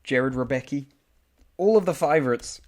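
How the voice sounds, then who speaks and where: A man's voice: mid-range voice, lively intonation, normal speed, a little mellow. A young man streaming a game, casually reading out and answering chat messages with frequent ums. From United Kingdom.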